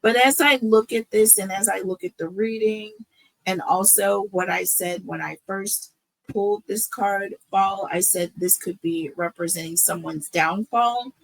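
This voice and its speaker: Slow, emotional woman tarot reader. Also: mid-range voice, creaky, dry recording, low-quality recording. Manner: emotional, repeats phrases, asks "okay?" and "right?". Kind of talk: tarot reading monologue.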